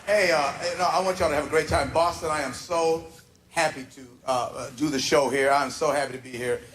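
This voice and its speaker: A male stand-up comedian tells a story on stage, animated and acting out voices, laughing through his lines. His pitch is fairly high and his pace a little fast. It's a noisy live venue where the audience laughs loudly and claps.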